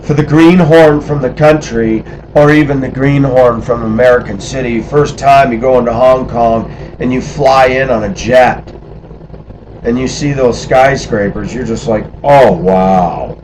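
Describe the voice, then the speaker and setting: Man telling stories with lively quoted voices. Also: mid-range voice, a little slow, a little hiss or hum, rough recording. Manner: animated, acts out quoted voices. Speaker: storyteller recalling life abroad. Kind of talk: casual spoken storytelling.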